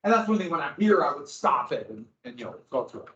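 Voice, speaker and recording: A man's voice: a little high, very animated, fast talker, fairly bright tone. Guy teacher going over a worksheet, chatty loose explaining, kinda muffled lo-fi, echoey room. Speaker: history teacher. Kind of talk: classroom lecture. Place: classroom. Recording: echoey, dull lo-fi classroom audio.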